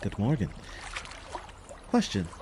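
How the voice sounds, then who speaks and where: A man's voice: on the low side, wildly swooping pitch, takes it slowly, darkish tone, a little hiss or hum, heavily acted. A man voicing a friendly, apologetic young woman adventurer in a tabletop role-play, talking in a cheerful and polite way. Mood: polite, curious.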